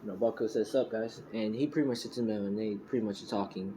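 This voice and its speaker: A man's voice: lowish voice, very fast, noisy background. A man casually making up a fan story as he goes, rambling and correcting himself, with a lot of fillers. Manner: rambling, heavy use of "you know" and "you could say"; self-correcting, loose and informal.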